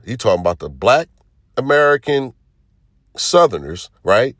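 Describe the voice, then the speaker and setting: A man hosts a casual reaction video. He talks loosely, with lots of fillers and rhetorical asides. His voice is very low, and the recording is dry and close. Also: expressive, a little fast, no echo. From Philadelphia. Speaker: channel host.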